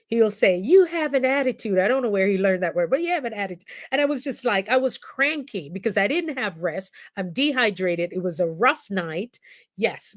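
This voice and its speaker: A woman hosts a relaxed live stream from a computer mic. She talks directly to her viewers, animated and quick to laugh, with her voice rising and falling in the middle of her range. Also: mid-range voice. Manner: animated, laughs often, speaks straight to viewers. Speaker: host; nurse and coach. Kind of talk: casual livestream talk to viewers.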